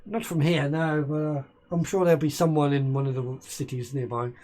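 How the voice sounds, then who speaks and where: A man's voice: fairly high pitch, steady tone, fairly quick, a little mellow. A man who runs a tabletop game as game master, narrating and voicing a merchant with hesitant, improvised phrasing. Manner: hesitant, many ums and restarts while improvising.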